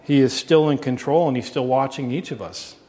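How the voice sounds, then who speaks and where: Man, pastor, earnest sermon, mid-pitched voice, reverberant hall. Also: brisk, mellow, slight background noise. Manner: earnest preaching, asks the congregation questions. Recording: long reverb.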